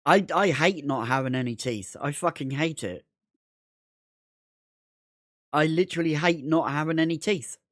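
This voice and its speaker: A man's voice: fairly high pitch, normal speed, pauses often, fairly bright tone, dry recording, studio quality. A man chatting casually on a gaming livestream, rambling, repeating himself and swearing constantly. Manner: rambling, repetitive, heavy swearing.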